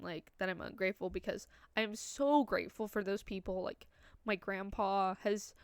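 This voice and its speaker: Chatty young woman with a gravelly edge. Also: mid-range voice, no room sound. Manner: rambling, restarts, many "like" and "you know". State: tearful, voice breaking. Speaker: vlogger. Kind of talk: personal vlog confession.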